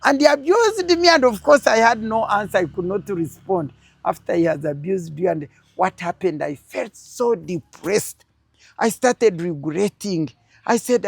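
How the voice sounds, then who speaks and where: A woman's voice: lowish voice, expressive, unhurried, creaky, slightly rough, no room sound. An older woman with a Ugandan accent, telling a political story as an interview guest with strong, emphatic feeling.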